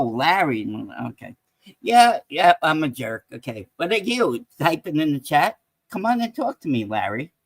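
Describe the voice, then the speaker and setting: A man, a guest on a live-stream talk show, talking in an excitable way and calling out viewers in the chat. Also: on the high side, creaky, no echo. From New York. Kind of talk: casual live-stream banter.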